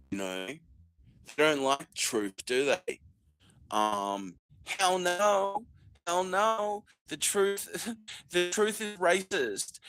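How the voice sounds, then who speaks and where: Male podcast host, unhurried and sharp-toned, crude mocking monologue full of ums. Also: a little high, poor audio. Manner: profane, sarcastic, mocking, laughs mid-sentence; many fillers and restarts. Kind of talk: rambling solo podcast monologue.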